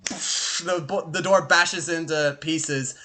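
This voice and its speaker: A young man running a tabletop game, his voice bright and a touch high. He narrates the action quickly and animatedly, filling pauses with "uh" and "like". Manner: animated, fast, filler-heavy. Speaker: game master.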